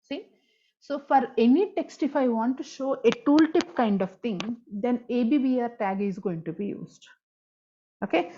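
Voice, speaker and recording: A woman's voice: on the high side, darkish tone. A woman teaching a screen-recorded coding lesson, explaining step by step, spelling out tag names and repeating key points. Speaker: programming tutor. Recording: dull lo-fi audio.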